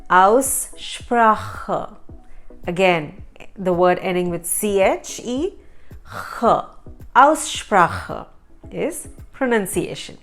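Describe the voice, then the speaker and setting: A woman from India hosting an online language lesson, repeating words slowly and quizzing the viewer. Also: fairly low pitch, expressive, soft background music. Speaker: language teacher and channel host.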